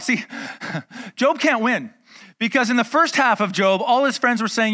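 A man's voice: high-pitched, lively intonation, normal speed, sharp tone. A male pastor preaching a conversational sermon, acting out dialogue with humor.

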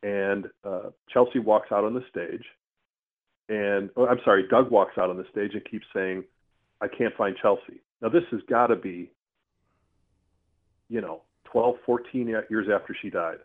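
Man, lowish voice, earthy and animated storyteller, heard over a tinny phone line. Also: moderate pace. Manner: earthy, animated, with mild swearing. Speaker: storyteller guest. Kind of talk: casual spoken storytelling.

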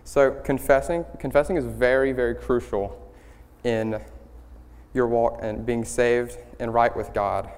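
A man's voice: mid-range voice, fairly even intonation, a little mellow, clear, resonant tone. Young man preaching in an echoey church. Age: young adult. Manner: halting, many ums and restarts, earnest. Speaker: student speaker leading worship. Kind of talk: church sermon. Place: church sanctuary. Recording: hall reverb in a church.

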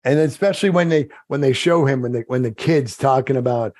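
A man's voice: medium pitch, a little fast, darkish tone, no echo. Laid-back man, dry close sound. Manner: laid-back, short agreeing replies. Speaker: podcast co-host. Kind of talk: casual chat.

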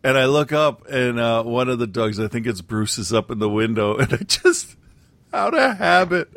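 A man's voice: mid-range voice, very animated, normal speed, fairly bright tone, no echo. A man co-hosting a podcast, telling stories in a rambling, hesitant way with many fillers. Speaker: podcast co-host. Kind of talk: casual chat.

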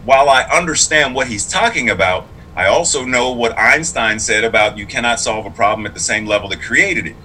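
A man's voice: medium pitch, animated, fairly quick, few pauses, sharp tone, a little hiss or hum, poor audio. A man who is both clergy and a public school teacher, speaking in a casual interview in an earnest, reflective and emphatic way.

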